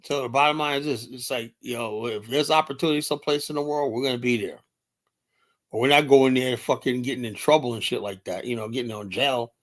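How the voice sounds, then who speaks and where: A man hosts a solo livestream, talking in an emphatic, heated way. He swears freely and fills his sentences with "you know". His voice sits at an ordinary pitch for a man. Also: fairly quick. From United States. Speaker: livestream host.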